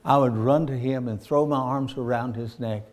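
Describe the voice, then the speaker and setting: A man's voice: mid-range voice, fairly even intonation, normal speed, darkish tone. A man preaching a sermon, telling stories in a folksy way and rising to fervent emphasis. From Virginia, USA.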